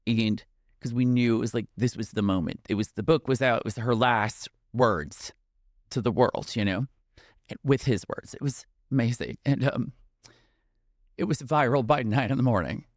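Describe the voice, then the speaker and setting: A man's voice: mid-range voice, moderate pace, no echo. Man, podcast guest, tearful, heartfelt storytelling, dry close sound. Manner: tearful, heartfelt, with many fillers. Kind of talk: emotional conversational storytelling.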